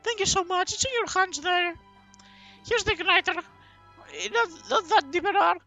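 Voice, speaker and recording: A man voicing an eager, chatty monastery trader in a high falsetto, reading game dialogue aloud. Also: fairly quick, bright, forceful tone, soft background music.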